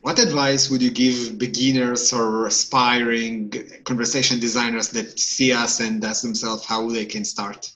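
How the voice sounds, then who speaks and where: Host: man with a medium voice, asks friendly, slightly halting questions on a video call. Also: mid-range voice, little pitch movement, sharp tone, low-quality recording. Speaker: meetup host. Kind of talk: interview questions.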